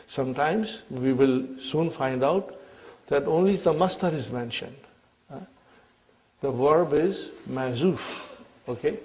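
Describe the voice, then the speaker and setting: A man's voice: mid-range voice, takes it slowly, a little mellow. A man teaching an Arabic grammar lesson. He explains step by step, repeats his questions and often checks "are you with me?".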